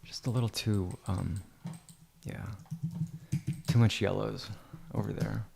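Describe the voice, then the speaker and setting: A man's voice: on the low side, steady tone, slow pace, vocal fry, darkish tone, a little hiss or hum. A man giving livestream commentary while editing photos, muttering to himself and breaking into sarcastic teasing rants. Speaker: photo editor streaming live.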